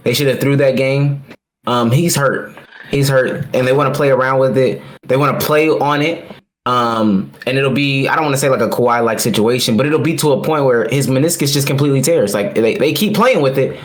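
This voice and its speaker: A man's voice: mid-range voice, brisk. A man co-hosting a casual sports podcast, talking bluntly and profanely with firm opinions. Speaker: podcast co-host.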